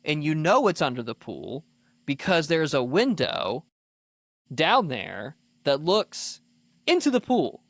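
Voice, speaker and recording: A man's voice: a little high, slow pace, no room sound, clean studio sound. Chatty man telling a story. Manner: animated storyteller, full of "like" fillers. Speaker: podcast co-host. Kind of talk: casual podcast chat.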